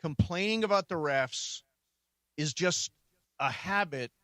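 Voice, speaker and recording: A man's voice: fairly high pitch, lively intonation, slow, fairly bright tone, no echo, clean studio sound. A man hosting a sports radio show, talking casually and laughing often.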